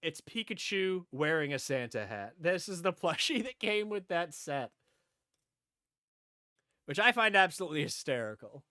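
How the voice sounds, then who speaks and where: A man's voice: a little high, very animated, normal speed, bright, forceful tone, no room sound, studio quality. A man streaming live, chatting casually and rambling as he talks to viewers, repeating himself often. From upstate New York.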